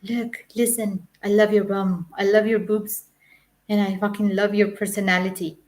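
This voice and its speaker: A woman's voice: medium pitch, level tone, normal speed, darkish tone, lightly acted. A woman voicing a crude, pushy Australian man with an Australian accent, in an audiobook reading. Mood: pleading. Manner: blunt, pushy. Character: brash, crude Australian man pleading for sex.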